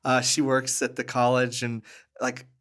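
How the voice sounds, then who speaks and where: A man's voice: mid-range voice, a little slow. Earnest man telling stories, laughing often. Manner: animated, laughs often mid-sentence; earnest, warm, with fillers and restarts. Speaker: podcast guest. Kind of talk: conversational storytelling.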